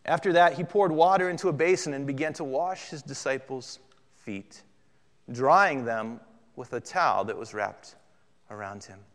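A man preaching a sermon as pastor, animated and conversational with flashes of humor. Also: mid-range voice, normal speed. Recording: long hall reverb.

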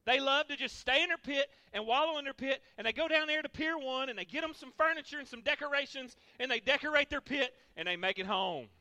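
A man's voice: extremely high pitch, fast, hardly any pauses, bright, forceful tone, no echo. A male pastor preaching a sermon, emphatic, repeating key lines for the congregation.

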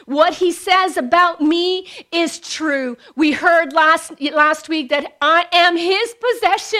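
A woman's voice: very high voice, slow, few pauses, pushed and bright. A middle-aged woman preaching a sermon with passion, rising to emphatic declarations.

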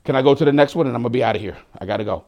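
A man's voice: medium pitch, rapid-fire, a little mellow. A male pastor preaching a sermon to a streamed congregation, using call-and-response phrases and drawing out emphatic words.

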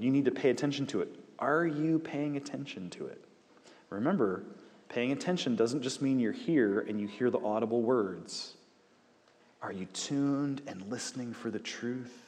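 A man preaching to a congregation, lively and storytelling, repeating words to drive points home. His mid-range voice carries a long reverb from the hall he speaks in. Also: medium pitch. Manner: animated, repeats words for emphasis, acts out shouting coworkers. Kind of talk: sermon with personal stories.

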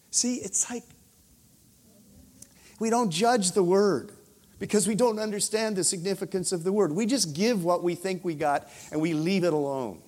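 A man, possibly, preaching a sermon through a personal story, swinging between lively emphasis and hushed quoted prayers. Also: high-pitched, moderate pace.

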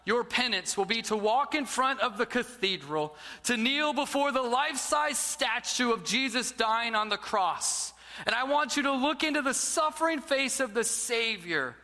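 A man voicing a stern, discerning priest who is giving a penance in measured words. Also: extremely high pitch, lively intonation, bright, forceful tone, long reverb tail, heavily acted. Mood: solemn.

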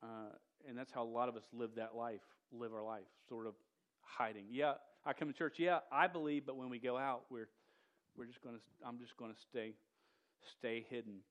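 A man's voice: mid-range voice, level tone, moderate pace. A man preaching a sermon in a casual, slangy way, often stuttering and repeating the start of words. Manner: says "dude" and "y'all".

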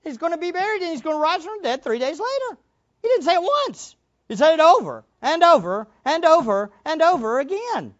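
A woman teaching a Bible lesson as a sermon, emphatic and animated, acting out the quotes she reads. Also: very high-pitched, brisk, muffled recording.

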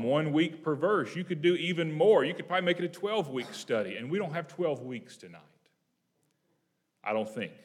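Conversational male preacher teaching a psalm. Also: mid-range voice. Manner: conversational, asks the congregation questions; reads scripture slowly and emphatically. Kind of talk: evening Bible teaching.

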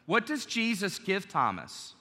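Bright-voiced male pastor in a reverberant hall. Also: high-pitched, huge pitch swings, a little slow. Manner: conversational preaching, acts out quoted lines. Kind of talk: sermon.

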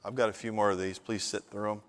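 A man's voice: fairly low pitch, flat delivery, fast, slight background noise. A man preaching a sermon to his congregation, folksy and conversational, telling jokes and asking if they are with him. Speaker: pastor. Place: church worship hall. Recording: reverberant hall.

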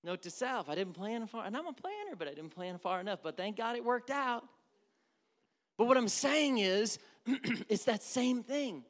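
A male pastor preaching a sermon, swinging from loud urgent passages to hushed near-whispers and acting out quoted prayers. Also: very high-pitched, expressive, normal speed. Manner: acts out quoted prayers and everyday voices.

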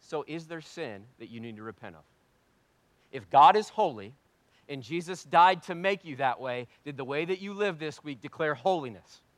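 A man preaching a sermon with a fairly high voice, close and dry on the mic. He swings from quiet, intimate passages to loud, emphatic ones, answering his own rhetorical questions. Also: animated, fairly quick, hardly any pauses, no room sound. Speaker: pastor.

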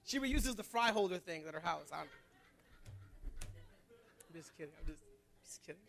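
A man preaching a sermon, mixing joking asides with loud exhortation. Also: on the high side, expressive, moderate pace, gravelly.

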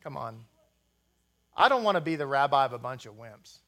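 A man's voice: mid-range voice, big pitch swings, moderate pace, fairly bright tone. A man preaching a sermon as rabbi, blunt and rousing, with jokey asides to the congregation.

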